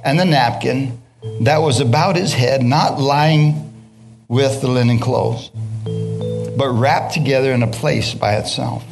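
A man's voice: medium pitch, creaky. A man preaching a sermon, reading scripture then breaking into casual, slangy asides and questions to the congregation.

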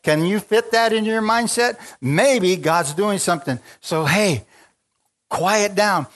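Man, preacher, spontaneous sermon, fervent, swings from low murmurs to high exclamations. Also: measured pace, fairly bright tone. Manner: fervent, rising to exclamations and calls to the congregation. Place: large church with a congregation.

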